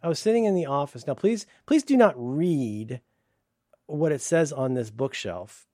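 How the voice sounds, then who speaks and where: Sardonic, rambling man with a lively voice. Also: a little slow, dry recording, studio quality. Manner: rambling, profane, sardonic storytelling; puts on high voices when quoting staff. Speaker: podcast co-host. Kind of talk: casual chat.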